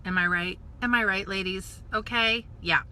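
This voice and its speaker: Bright, chatty American woman on a live stream. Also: medium pitch, moderate pace, slight background noise. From United States. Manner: animated, chatty, acts out voices and whispers asides. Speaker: network marketing coach. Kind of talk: casual live-stream storytelling. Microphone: phone or webcam live stream.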